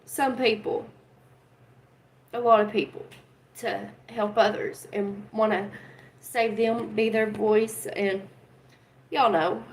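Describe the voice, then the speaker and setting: A woman's voice: mid-range voice, fairly even intonation, takes it slowly, pauses often, a little hiss or hum, poor audio. A woman hosting a casual livestream from home, talking earnestly and with feeling to her chat viewers. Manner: earnest, emotional, talks straight to chat viewers. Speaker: livestream host.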